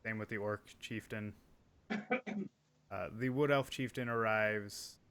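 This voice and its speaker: A man's voice: lowish voice, slow pace, fairly bright tone, clear, resonant tone. A man narrating a tabletop role-playing game as game master, in a casual, chatty way with many fillers.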